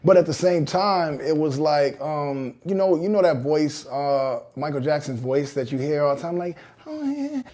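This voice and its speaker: A man's voice: on the high side, moderate pace, few pauses, darkish tone. A man, a rapper, casually telling a story in an interview, loose and chatty with lots of acted-out quotes.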